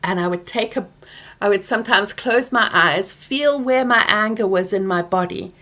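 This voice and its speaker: A middle-aged woman hosting a workshop Q&A, speaking softly and gently and sometimes dropping to a whisper. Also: mid-range voice, moderate pace. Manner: soft and gentle, drifting into whispers; acts out anger with loud groaning sounds. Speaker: workshop host answering questions. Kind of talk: Q&A talk to an audience.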